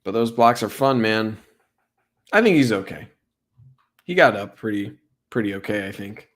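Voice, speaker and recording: Excitable young man breaking down football film. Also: fairly low pitch, moderate pace. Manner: excitable, filler-heavy, lots of "like" and "right?". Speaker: sports streamer breaking down game film. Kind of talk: casual live-stream film breakdown.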